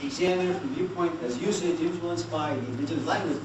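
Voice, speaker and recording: Male lecturer, animated and questioning, recorded from afar over steady room noise. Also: fairly high pitch, fast. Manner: animated, asks the class questions and has them repeat. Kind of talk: classroom language lecture. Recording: echoey room, mic far off, noisy.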